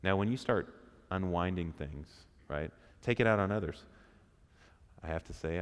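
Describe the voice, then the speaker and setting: A man preaches to a men's church gathering in a very low voice. He keeps it conversational, throwing questions to the room and acting out little quotes. His words ring out with a long hall reverb. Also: moderate pace, smooth. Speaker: speaker at a men's church group. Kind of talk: interactive sermon with questions to the audience.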